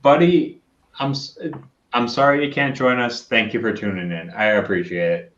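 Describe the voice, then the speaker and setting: A man's voice: medium pitch, steady tone, normal speed, a bit bright, echoey room, highs cut off. A man co-hosting a casual livestream, swearing freely and apologizing often while reading out chat. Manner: profane, apologetic, reads chat aloud. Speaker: co-host on a whiskey stream.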